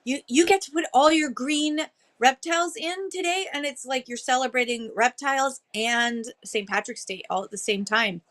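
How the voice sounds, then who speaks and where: A woman's voice: high voice, moderate pace, a bit bright. A woman hosting a casual livestream chat, greeting viewers one by one by name in a bubbly, chatty way. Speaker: livestream host greeting sellers.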